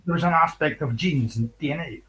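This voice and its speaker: A man's voice: on the high side, a little fast, background noise. Young Scottish man, livestream host; casual, cutting, sweary delivery with bursts of laughter. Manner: sweary, scornful, laughs between points. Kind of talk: casual chat.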